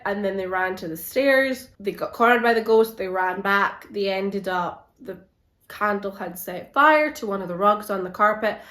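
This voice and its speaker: Woman book vlogger, animated and exasperated, mid pitch, echoey room. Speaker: book reviewer. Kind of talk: casual book review vlog. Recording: roomy echo.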